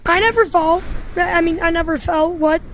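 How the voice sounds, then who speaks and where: A woman's voice: extremely high pitch, moderate pace, a bit bright, a little hiss or hum. A young woman casually commenting on her VR gameplay, chatty and rambling with lots of fillers, into a headset mic. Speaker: gaming YouTuber.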